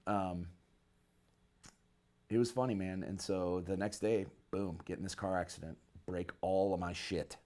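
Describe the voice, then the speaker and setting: Deep-voiced guy from michigan, laid back storyteller, slangy, acts out other people's lines. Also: measured pace. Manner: animated, acts out quoted people with a raised voice, casual slang. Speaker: guest musician, bass player. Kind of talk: casual storytelling in an interview.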